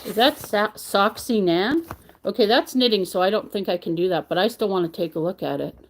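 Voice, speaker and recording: A woman's voice: medium pitch, fairly quick. A middle-aged woman, chatting casually on her crochet livestream and greeting viewers by name as she reads the chat. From Canada.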